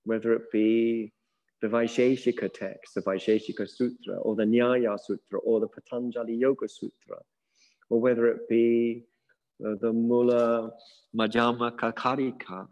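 A middle-aged man with a relaxed, musing manner, leading a yoga class and drawing out words slowly. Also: mid-range voice, muffled recording. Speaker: yoga teacher. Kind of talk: guided yoga class instruction.

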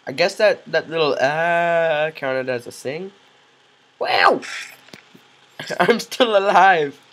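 A man doing goofy, excitable let's play commentary, yelling reactions and cracking self-mocking jokes. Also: a little high, slow, rough recording. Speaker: gaming commentator.

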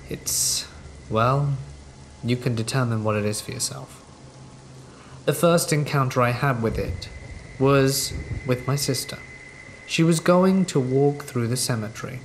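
Guy narrating scary stories, calm steady voice, light rain hiss behind. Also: medium pitch. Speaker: horror story narrator. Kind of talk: scripted narration. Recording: faint rain noise behind voice. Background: rain and thunder ambience.

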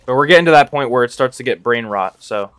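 A man's voice: mid-range voice, expressive, quick pace, fairly bright tone, no echo. Slangy young male game streamer. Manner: rambling, slangy, says "bro" constantly, laughs often. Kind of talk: casual live gameplay chat.

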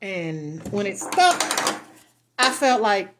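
A woman's voice: a little high, lively intonation, measured pace, background noise. A woman vlogger chatting casually through product reviews, blunt and frank, cussing freely and laughing often. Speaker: beauty and lifestyle vlogger.

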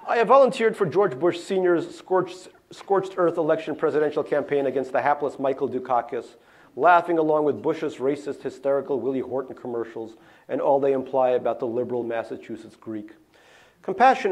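A middle-aged man from Russia reads his own memoir aloud in a lecture hall. His delivery is wry and deadpan, and he drops in offhand spoken asides. His voice sits at an ordinary middle pitch. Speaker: author.

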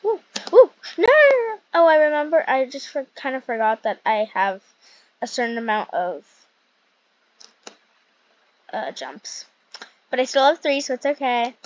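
Young woman gamer, high voice, chatty and rambling, dry slightly muffled mic. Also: normal speed, dry recording. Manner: chatty, rambling, excitable with frequent fillers. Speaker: gaming youtuber. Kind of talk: casual gameplay commentary.

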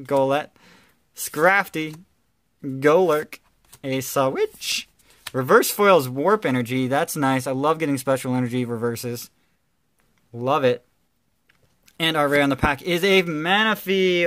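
A man doing casual, playful commentary while opening trading card packs, excitedly calling out cards and teasing his viewers. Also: mid-range voice, unhurried, no room sound. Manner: excitable, calls out card names with bursts of energy.

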